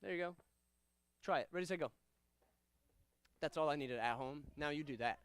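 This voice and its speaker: A young man teaching a karate class, switching between loud commands and relaxed, chatty explanations to students. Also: on the high side, normal speed, smooth, no echo. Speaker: karate instructor. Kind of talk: teaching a live martial arts class.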